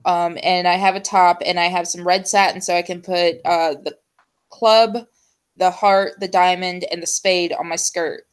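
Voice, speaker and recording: A young adult woman hosting a casual chat show, rambling and hesitant with many ums and pauses. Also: fairly low pitch, fairly even intonation, smooth. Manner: chatty, full of ums and trailing pauses. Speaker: show host.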